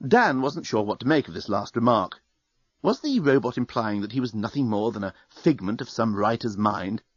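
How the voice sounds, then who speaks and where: A man reads a novel aloud with expressive, animated storytelling, his pitch rising and falling freely. The recording is very dry with a somewhat muffled top end. He sits in the middle of the usual pitch range. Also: no echo. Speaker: audiobook narrator. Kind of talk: audiobook narration. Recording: dry, dull studio recording.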